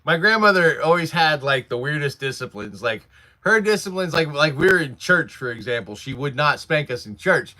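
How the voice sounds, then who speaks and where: A man's voice: on the high side, big pitch swings, normal speed, bright, forceful tone. A man in his forties hosting a casual livestream from his workshop, rambling through stories and laughing often while answering chat. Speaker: livestream host.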